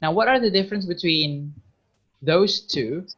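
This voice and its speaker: A man with an Indonesian accent leads an online English class over a video call. He calls on students by name, praises their answers and slowly repeats words to show how they should sound. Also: high-pitched, fairly bright tone, poor audio. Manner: encouraging, patient, repeats words slowly to model pronunciation. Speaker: English teacher. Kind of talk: online vocabulary lesson.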